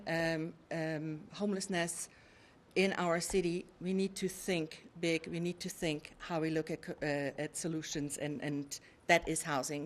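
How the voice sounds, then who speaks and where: A woman official speaks at a podium microphone in a public hearing room. Her voice sits fairly low for a woman. She keeps an earnest, measured pace and fills her pauses with frequent hesitations. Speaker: city social services director.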